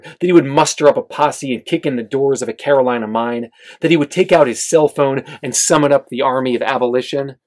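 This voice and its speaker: Male author reading his book aloud at a bookstore, steady, little asides with ums. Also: mid-range voice.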